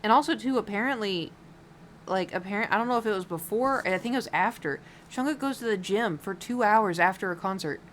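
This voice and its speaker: Woman streamer rambling along while she paints, lots of likes and little laughs, mid pitched. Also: a little fast, a little hiss or hum. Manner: rambling, filler-heavy, giggly. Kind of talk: casual live-stream chat while painting.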